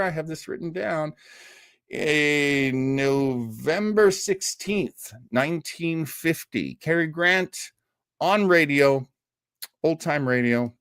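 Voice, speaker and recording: A man's voice: on the high side, animated, slow pace, a bit bright, clean tone, dry recording, clean studio sound. A man hosting an old-time radio listening party, chatting casually and rambling with self-corrections. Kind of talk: casual chat.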